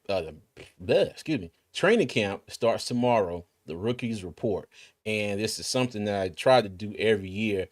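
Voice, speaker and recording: Male stream host, relaxed and rambling, lowish voice. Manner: laid-back, chatty, many fillers and restarts. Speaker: sports podcast host. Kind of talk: casual live-stream chat.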